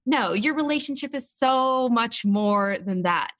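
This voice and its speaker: A woman's voice: fairly high pitch, expressive, measured pace, a bit bright, dry recording. A woman, an interview guest talking openly and earnestly about personal experiences. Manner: earnest and open, tearful at times. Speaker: podcast guest. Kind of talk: candid interview talk.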